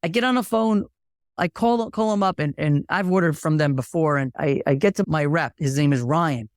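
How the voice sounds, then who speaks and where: A man, a podcast guest, telling a story in casual conversation and acting out the dialogue with lively energy. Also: fairly high pitch, moderate pace, clean tone, dry recording, studio quality.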